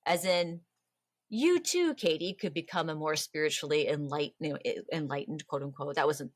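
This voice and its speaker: Low-voiced woman telling history, chatty. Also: normal speed, no echo. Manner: chatty, animated storytelling with playful voiced quotes. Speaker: podcast host. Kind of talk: casual history podcast chat.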